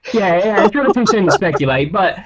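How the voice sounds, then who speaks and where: A co-host in a casual chat, animated and opinionated, with many fillers. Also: medium pitch, fast.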